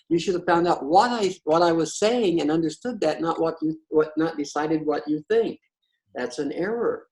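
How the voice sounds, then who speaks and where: A man's voice: fairly high pitch, moderate pace, darkish tone, rough recording. A man talking in a casual, conversational storytelling style, blunt and profane, often stammering and restarting his sentences. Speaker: patio chat host.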